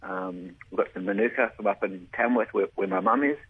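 Eager beekeeper guy, keeps restarting his words, deep-ish husky voice over a phone. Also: brisk. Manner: enthusiastic, stumbling restarts. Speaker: beekeeper guest. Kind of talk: radio phone interview. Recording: tinny phone line.

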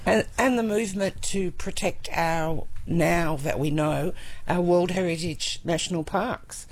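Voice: mid-range voice, unhurried. A market organiser speaking earnestly in a radio interview, with many hesitations.

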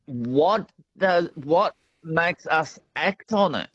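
A man's voice: a little high, lively intonation, drawn-out words, a bit bright, breathy edge, no room sound. Man calling in on a dull line. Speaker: caller. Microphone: phone.

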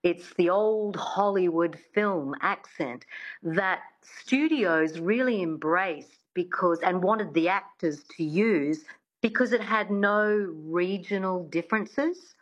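A woman's voice: lowish voice, takes it slowly, lo-fi sound. A woman accent coach explaining things as a radio interview guest, with hesitations and fillers.

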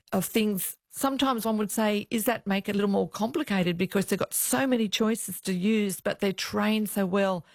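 Australian woman telling lively police stories. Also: fairly low pitch, vocal fry, no echo. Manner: animated anecdotes, acts out quoted voices. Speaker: guest, former police officer. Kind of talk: interview storytelling.

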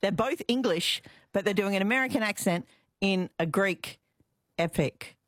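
A woman's voice: mid-range voice, no room sound. Woman radio host, dry studio. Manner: brisk, reads listener texts. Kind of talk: morning radio talk. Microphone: studio microphone.

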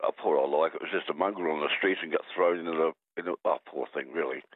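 A man's voice: extremely low pitch, fast talker, no room sound. An Australian man calling in to a radio show, rambling and joking, tripping over his words. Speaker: caller. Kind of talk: rambling talkback phone call. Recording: tinny phone line.

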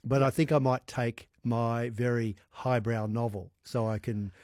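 A man's voice: medium pitch, steady tone, no echo, studio quality. Chatty man hosting radio. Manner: chatty, warm interviewer with quick reactions. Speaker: radio host. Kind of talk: casual studio interview. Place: radio studio. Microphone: studio mic.

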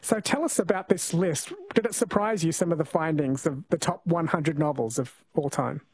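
A man's voice: on the high side, moderate pace, a little mellow, slightly rough. A man hosting a late-night talk radio show, friendly and conversational, speaking into a studio microphone. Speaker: overnight radio host.

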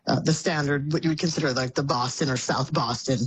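Low-voiced woman explaining with many restarts. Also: fairly even intonation, brisk, slight background noise, poor audio. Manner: thoughtful, many restarts and fillers. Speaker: guest commentator. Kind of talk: conversational explaining. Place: Boston area.

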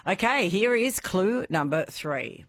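A woman's voice: mid-range voice, animated, slow, background noise. Bubbly woman hosting radio. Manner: bubbly, laughs often. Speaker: radio host.

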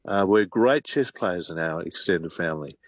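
A man's voice: low-pitched, lively intonation, normal speed, no room sound, highs cut off. An older man, co-hosting a radio talk show with reflective, hesitant remarks. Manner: reflective, hesitant, lots of ums. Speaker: radio co-host.

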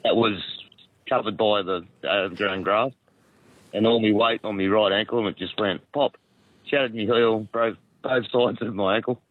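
A croaky Australian man in his fifties, calling in to a radio show, rambling and halting as he tells a story with many restarts. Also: on the low side, fairly even intonation, dry recording. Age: 50s. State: croaky from a cold. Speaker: caller. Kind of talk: radio call-in chat. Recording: tinny phone line.

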